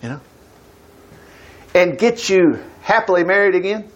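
Lively high-voiced man teaching scripture. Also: a little slow, highs cut off. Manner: enthusiastic, interjecting exclamations. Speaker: Bible teacher. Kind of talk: reading scripture aloud with running commentary.

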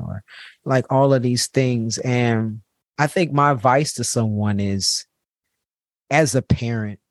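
Podcast host, man, mid-pitched voice, heartfelt storytelling, dry close mic. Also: darkish tone, no room sound. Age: adult parent. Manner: candid and heartfelt, repeats words for emphasis. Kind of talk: personal storytelling monologue.

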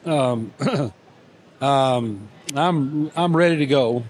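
An older man being interviewed tells warm stories about everyday life, reflecting as he goes. He speaks at a medium pitch in a halting, gently humorous manner, with many fillers and restarts.

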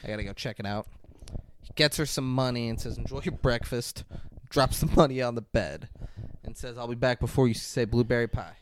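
A man co-hosting a podcast in casual chat, teasing his friend with deadpan jokes and swearing casually while retelling a film. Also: mid-range voice, fairly quick, a little hiss or hum. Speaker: podcast co-host.

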